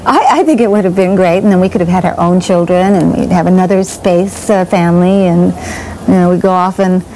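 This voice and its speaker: A woman, an actress, reminiscing in an interview, talking haltingly with frequent restarts and light chuckles. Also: fairly low pitch, warm tone, slight background noise, rough recording.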